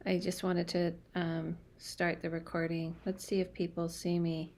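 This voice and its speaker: A woman's voice: fairly low pitch, level tone, unhurried, a little mellow. A young woman working as a spiritual medium, chatting casually on a livestream from home, scattered and full of fillers and restarts. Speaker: medium doing live readings. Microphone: phone or webcam livestream.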